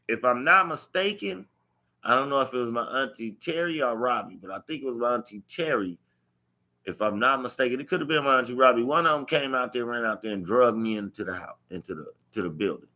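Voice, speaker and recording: At medium pitch, his voice comes out pushed and bright as the man from Los Angeles shares his life story on camera. It's spontaneous personal storytelling, emphatic and full of swearing, with repeated key lines.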